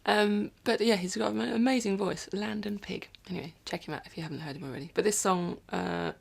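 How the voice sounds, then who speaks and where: A woman's voice: mid-range voice, a little fast, creaky, breathy edge. A woman musician rambling casually in a video diary from her recording studio, often dropping into whispered asides.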